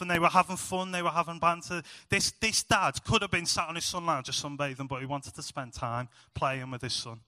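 Bright chatty male preacher. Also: on the high side, brisk, dry recording, in a large hall. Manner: chatty, self-mocking storytelling with animated asides. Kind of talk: sermon.

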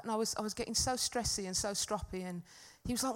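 A woman's voice: medium pitch, steady tone, quick pace. A middle-aged woman giving a talk at a church gathering, telling a personal story in a chatty, self-deprecating way. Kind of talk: sermon with personal anecdote.

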